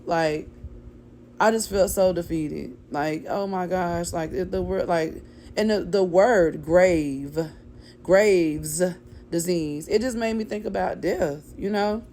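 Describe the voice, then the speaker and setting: Woman with a low voice telling a story. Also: unhurried, slight background noise. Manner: chatty, animated, acts out what others said; many fillers like "like" and "you know". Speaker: vlogger. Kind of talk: casual personal storytelling.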